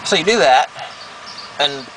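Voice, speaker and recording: A man's voice: a little high, expressive, a little slow, background noise. A man with the hiccups giving a casual, self-deprecating how-to walkthrough beside a Jeep, talking with plenty of fillers. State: has the hiccups. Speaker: vlogger.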